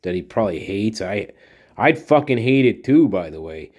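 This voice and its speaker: A man's voice: lowish voice, big pitch swings, normal speed, darkish tone. A man hosting a solo commentary show, rambling in a profane, sarcastic rant. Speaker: podcast host.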